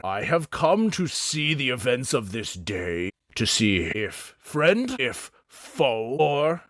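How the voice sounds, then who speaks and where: A man voicing a huge, blunt and dim young male orc who speaks slowly and solemnly in broken grammar. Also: fairly low pitch, a bit bright, no echo, studio quality, exaggerated voice.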